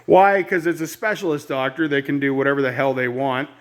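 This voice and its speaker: A man's voice: medium pitch, brisk. A man from Ontario, telling a rambling, exasperated story in a casual outdoor vlog on his rural homestead. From Ontario, Canada. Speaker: vlogger.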